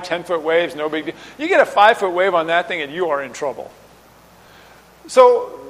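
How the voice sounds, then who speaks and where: A man preaching a sermon, explaining with lively rhetorical questions and acting out quoted lines. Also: high-pitched, in a large hall, rough recording. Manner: animated teaching, voices rhetorical questions and acts out quotes.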